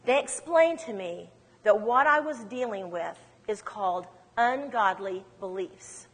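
Woman, sermon testimony, lively emphatic storytelling, husky tone, echoing hall. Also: medium pitch, unhurried. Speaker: speaker giving testimony.

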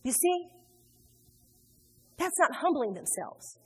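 A woman's voice: sits high, very animated, slow, a bit bright, faint music behind. A woman preaching a sermon in a church, emphatic, acting out the people she quotes. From Indiana. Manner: emphatic, acts out quoted voices. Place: church sanctuary. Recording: long hall reverb.

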